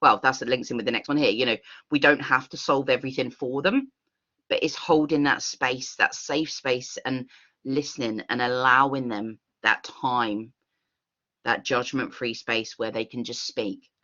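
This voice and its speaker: Bright woman leading a workshop. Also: extremely low pitch, lo-fi sound. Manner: expressive, earnest, with quick laughs. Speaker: workshop facilitator. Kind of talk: online workshop talk. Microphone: video call.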